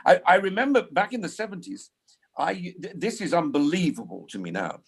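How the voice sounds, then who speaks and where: A man's voice: sits high, sing-song, fairly quick, gravelly, breathy edge. A man in his sixties, chatting casually as a guest and rambling with frequent restarts. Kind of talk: casual conversation.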